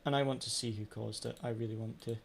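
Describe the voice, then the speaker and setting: A man's voice: medium pitch, steady tone, fast, creaky, husky. A man streaming a racing sim live, ranting in frustration at his own races as he plays. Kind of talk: live gameplay commentary.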